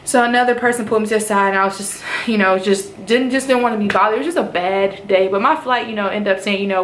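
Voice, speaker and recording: A woman from North Carolina, a nurse in officer training, telling her story in a casual vlog. She talks in an animated way and acts out the lines other people said to her. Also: mid-range voice, fast talker, hardly any pauses. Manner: animated retelling, acts out quoted speech. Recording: roomy echo, faint background noise.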